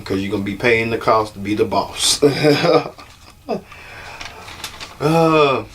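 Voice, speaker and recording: A man with a fairly low voice hosts the show. He comments in a loose, chatty way and laughs often. A faint hiss sits under the recording. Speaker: host. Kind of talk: casual commentary.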